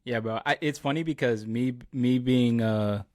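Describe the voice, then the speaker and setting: A man's voice: mid-range voice, normal speed, no echo, clean studio sound. A man hosting a podcast, chatting casually and telling stories with lots of "like" and "bro". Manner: relaxed storyteller, many "like" and "bro" fillers. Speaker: podcast host. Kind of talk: casual chat.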